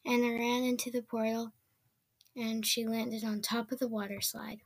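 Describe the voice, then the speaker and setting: A woman's voice: a little high, flat delivery, moderate pace, a little hiss or hum. Woman reading a children's story aloud. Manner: plain reading with small slips and restarts. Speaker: reader.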